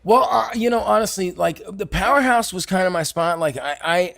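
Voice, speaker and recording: A man telling stories in a casual bar conversation, animated and loud when he acts out quotes. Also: high voice, normal speed, vocal fry. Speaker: stuntman and actor, podcast guest. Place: bar in Hollywood.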